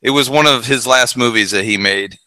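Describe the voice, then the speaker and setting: A man's voice: mid-range voice, fairly quick, pushed and bright, dry recording, low-quality recording. A man co-hosting a casual podcast, animatedly retelling movie scenes and acting out the characters' lines. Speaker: podcast co-host.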